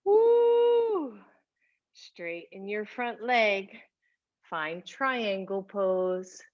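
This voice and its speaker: A woman teaching a yoga class, cueing poses calmly while moving and a little out of breath. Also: medium pitch, muffled recording. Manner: slow, calm cueing with breathy whoops of effort. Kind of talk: guided yoga class instruction.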